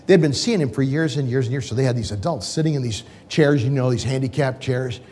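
A man's voice: mid-range voice, fairly quick, a little mellow. An older man, a pastor, telling an emotional personal story in a sermon, rambling with restarts.

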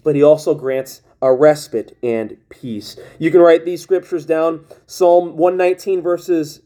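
High-voiced, mellow male preacher. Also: steady tone, unhurried. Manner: reads King James scripture aloud, restarts often. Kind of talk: sermon.

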